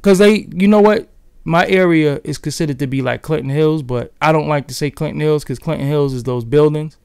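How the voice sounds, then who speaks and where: A man's voice: on the high side, fairly quick, gravelly, darkish tone, smooth, no echo, clean studio sound. A man with a Brooklyn New York accent, chatting loosely and profanely with his livestream viewers. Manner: loose and profane, talks straight to the chat. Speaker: livestream host. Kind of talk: casual livestream chat with viewers.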